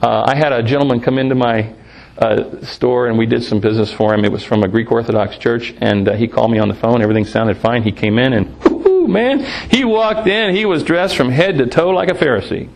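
A man preaching, telling lively personal anecdotes about sharing his faith, laughing often and restarting phrases. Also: mid-range voice, brisk, vocal fry, rough recording. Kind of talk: sermon storytelling.

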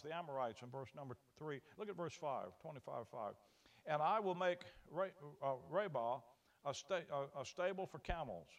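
A man preaches an expository Bible sermon with animation, often repeating words and acting out God's voice in folksy paraphrase. His voice is a little high and gravelly.

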